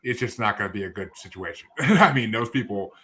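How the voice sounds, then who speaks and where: A man's voice: on the low side, expressive, fairly quick, fairly bright tone. A man hosting a podcast interview, talking casually in rambling, self-interrupting runs with sarcastic asides. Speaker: podcast host.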